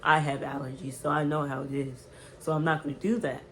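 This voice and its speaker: A woman vlogger telling a casual storytime, animated and emphatic, with slang and repeated words. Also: low-pitched, fairly quick, slight background noise, poor audio.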